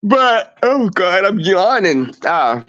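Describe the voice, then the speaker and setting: A man's voice: sits high, takes it slowly. A man hosting a livestream, chatting casually and profanely with viewers and acting out quoted exchanges. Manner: profane, animated storytelling. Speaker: livestream host. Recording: dull lo-fi stream audio.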